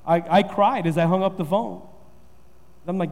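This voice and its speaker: High-voiced preaching pastor in a hall. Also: male voice, normal speed, pauses often, darkish tone. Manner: preaching with rising emphasis and repetition. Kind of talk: sermon.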